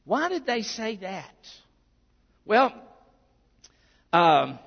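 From Arkansas in the US, a male pastor preaches in a high, gravelly voice, extremely slowly and in a sing-song way. He stays earnest and conversational, full of asides, and the dull, muffled recording carries a long church-hall reverb.

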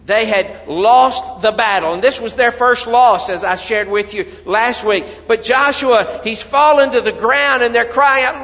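A man preaching a sermon as pastor, swinging from quiet, low asides to loud, pleading cries. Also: measured pace, hardly any pauses, big-room sound, dull audio. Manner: preaching with sudden loud cries when voicing people praying.

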